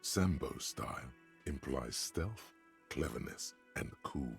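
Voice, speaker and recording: A man voicing a wry, measured narrator inside a video game. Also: rumbling low, lively intonation, soft background music, heavily acted. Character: wry male narrator inner voice.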